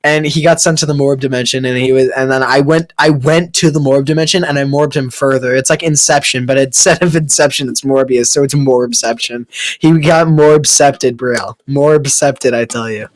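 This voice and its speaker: A man's voice: mid-range voice, fairly even intonation, moderate pace, dry recording. A young man improvising a crude tall tale late at night in a rambling way, full of fillers and restarts, on a computer mic during a game recording. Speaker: friend telling a story.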